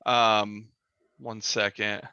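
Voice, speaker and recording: A man's voice: lowish voice, level tone, drawn-out words, sharp tone, smooth, dry recording, lo-fi sound. A man running a tabletop game as dungeon master, rambling and correcting himself as he describes scenes. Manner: rambling, self-correcting, laughs easily.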